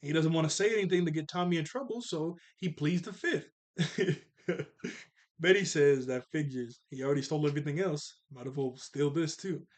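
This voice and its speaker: A man's voice: fairly high pitch, normal speed. A young man casually recapping a cartoon episode, laid-back and slangy, with chuckling asides.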